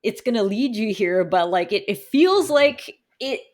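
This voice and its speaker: A woman's voice: mid-range voice, expressive, unhurried. A woman hosting a podcast, chatting with a guest in an enthusiastic, agreeable way. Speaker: podcast host. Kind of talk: casual conversation.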